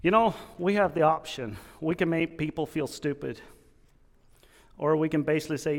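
A man preaching a sermon in an earnest, halting way, restarting his sentences often. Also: a little high, in a large hall.

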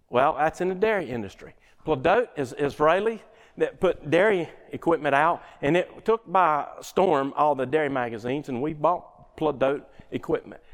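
Middle-aged man telling folksy workplace stories. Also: a little high. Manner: folksy storytelling with audience questions. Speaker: workshop speaker. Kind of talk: motivational workplace talk. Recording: hall with long reverb.

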